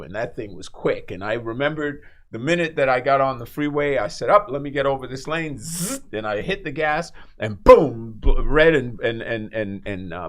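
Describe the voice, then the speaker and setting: A man who is a guest on a radio talk show, telling stories in a lively way, laughing often and acting out the people in them. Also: mid-range voice. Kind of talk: animated storytelling in a talk show.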